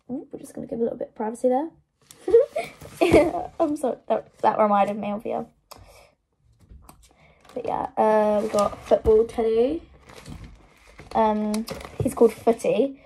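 A woman's voice: mid-range voice, measured pace, pauses often, dark tone, slight background noise. A woman chatting casually on camera through earbuds, giggling and rambling with self-mocking asides. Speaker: vlogger. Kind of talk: casual show-and-tell chat. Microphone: wireless earbuds.

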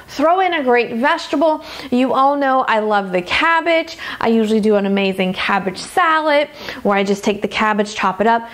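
Chatty Louisiana woman teaching recipes. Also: fairly high pitch. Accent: Louisiana Southern. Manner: chatty, upbeat, addresses viewers as gang and y'all. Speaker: dietitian and cooking host. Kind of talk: casual cooking tutorial.

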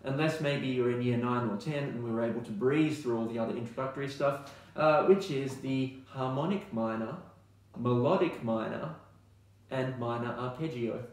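An Australian man teaching music in a relaxed, chatty way, now and then singing scale notes to demonstrate. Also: medium pitch, normal speed, heavy reverb. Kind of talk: recorded online music lesson.

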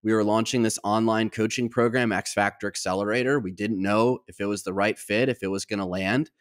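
A man co-hosting a podcast, telling anecdotes with lively acted-out dialogue in a conversational way. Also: lowish voice, a little fast, clean tone. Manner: animated anecdotal storyteller, acts out quoted dialogue. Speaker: podcast co-host.

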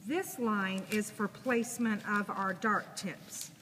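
A sewing instructor gives a classroom demonstration, casual and chatty, thinking aloud through each step as she works. Her medium-pitched voice moves slowly and echoes around the reverberant room amid steady background noise.

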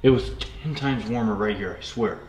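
A young man co-hosting a ghost hunt, excitable and quick to get spooked, insisting on what he just felt. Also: lowish voice, soft background music. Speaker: paranormal investigator co-host. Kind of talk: casual ghost-hunting chat. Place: hallways of a historic saloon building, indoors. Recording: echoey hall with long reverb, faint background hiss.

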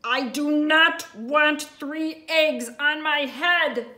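A woman's voice: sits high, drawn-out words, sharp tone, reverberant, full character voice. A woman voicing a fretful male elephant in a storybook read-aloud, asking anxious questions. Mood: fearful.

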